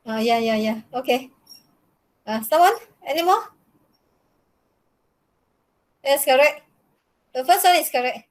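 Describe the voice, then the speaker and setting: A woman teacher with a Malaysian English accent and a slightly high voice. She explains patiently step by step, mixing Malay words into her English. She laughs often as she coaxes students to answer. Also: lively intonation, slow, long pauses, poor audio. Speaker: mathematics teacher. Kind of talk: classroom lesson.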